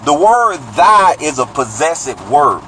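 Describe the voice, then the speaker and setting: A man casually teaching from the Bible, breaking down the meaning of words and rereading verses slowly. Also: a little high, very animated, pushed and bright, slight background noise, low-quality recording.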